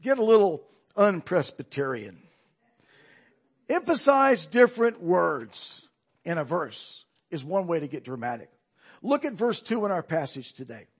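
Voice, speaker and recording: Husky-voiced man preaching a lively sermon. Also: fairly high pitch, measured pace. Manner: conversational, emphatic, asks rhetorical questions.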